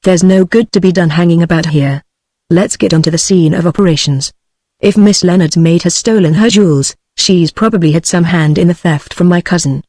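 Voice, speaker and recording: A text-to-speech voice of a woman with a British English accent reading the lines of a calm, grim, practical man, with no change of voice. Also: fairly low pitch, fairly quick, no echo, close to an everyday voice. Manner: flat synthetic reading of dialogue.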